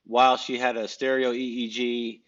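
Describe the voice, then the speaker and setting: Relaxed male podcast host, lo-fi. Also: medium pitch, moderate pace. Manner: relaxed, conversational, laughs along. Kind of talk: casual podcast conversation.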